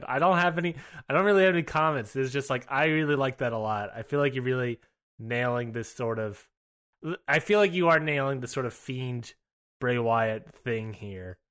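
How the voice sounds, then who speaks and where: A man's voice: medium pitch, expressive, normal speed, a bit bright. A man co-hosting a casual podcast, reacting with laughs and repeating himself. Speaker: podcast co-host. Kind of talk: casual chat.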